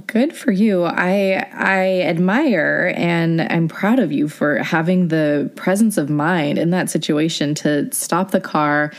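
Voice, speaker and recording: A woman hosting a casual interview podcast, asking long, supportive questions. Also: sits low. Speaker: podcast host.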